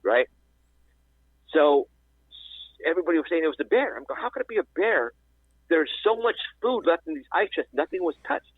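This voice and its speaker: A man, calling into a radio show and telling a story in a rambling, animated way with lots of restarts. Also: fairly high pitch, no room sound. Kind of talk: casual storytelling. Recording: dry, husky phone-line audio.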